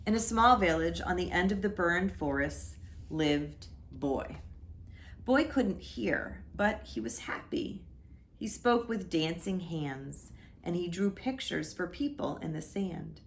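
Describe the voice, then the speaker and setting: A woman reading a picture book aloud at church story time, gently pausing to point out the pictures. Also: lowish voice, expressive, vocal fry, a little hiss or hum.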